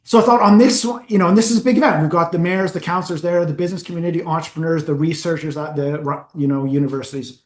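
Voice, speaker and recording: A man giving a lively, anecdotal talk as a forum founder, laughing at his own stories and clearing his throat often. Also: a little high, fast, few pauses. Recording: echoey room.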